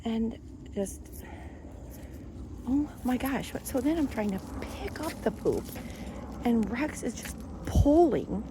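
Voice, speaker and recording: A woman's voice: on the high side, expressive, slow, pauses often, background noise. A middle-aged woman chatting and venting in a casual walk-and-talk vlog, recorded outdoors on a phone while walking her dogs. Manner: chatty, venting, lots of fillers. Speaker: vlogger.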